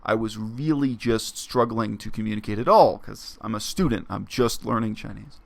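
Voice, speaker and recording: A man talking through a story in a reflective, explanatory vlog monologue, with frequent pauses and fillers. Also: lowish voice, vocal fry. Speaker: vlogger. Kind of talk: casual spoken monologue.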